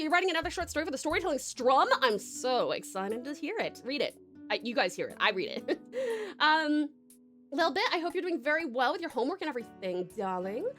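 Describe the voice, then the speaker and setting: A woman's voice: sits high, very animated, brisk, fairly bright tone, soft background music. A young Australian woman chatting casually on a live stream, bubbly and giggly, rambling with lots of fillers.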